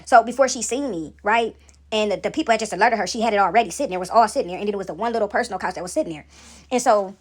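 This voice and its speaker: Her medium-pitched voice has a darkish tone and she's racing. The speaker is a young adult vlogger casually telling her viewers a story that has her shaken, with "right?" and "y'all" tacked onto her sentences.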